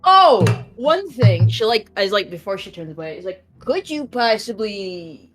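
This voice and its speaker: A laid-back woman speaks as a player in a tabletop game, her mid-pitched voice swinging freely up and down. She laughs easily. Faint music plays behind her. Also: very animated, moderate pace, husky. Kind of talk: casual tabletop game play.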